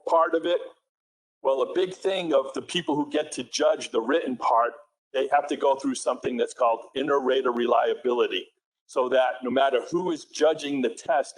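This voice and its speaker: A man's voice: medium pitch, poor audio. A man with a New England accent giving a technical conference presentation in a conversational way, correcting himself and asking the audience questions.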